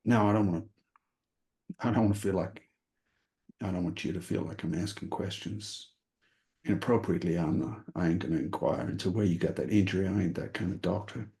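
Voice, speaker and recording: A polite, wary frontier doctor with a folksy drawl, played by a man at the table. His voice sits low with a gravelly edge. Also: a little fast, mellow.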